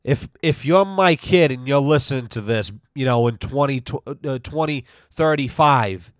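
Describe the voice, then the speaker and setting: A man's voice: mid-range voice, moderate pace, no room sound, clean studio sound. A man hosting a podcast on a headset at home, telling stories in a casual, rambling way and swearing a lot. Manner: profane, rambling, lots of "you know". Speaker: podcast host. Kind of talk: casual storytelling monologue. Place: at home with his dog. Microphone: headset mic.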